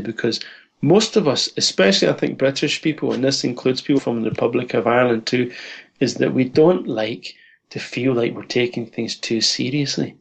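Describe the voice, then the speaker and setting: A man's voice: medium pitch, vocal fry, husky. A man talking as a guest on a podcast interview, joking and laughing often in casual conversation.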